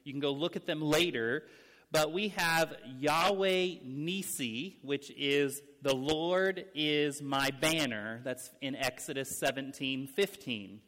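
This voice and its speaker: A man delivers an earnest teaching sermon, his fairly high voice carrying through a church sanctuary. A long reverb trails each phrase as he explains and stresses key words. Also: a bit bright. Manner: earnest, explanatory, speeds up and slows down for emphasis. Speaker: pastor. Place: church sanctuary with young people present.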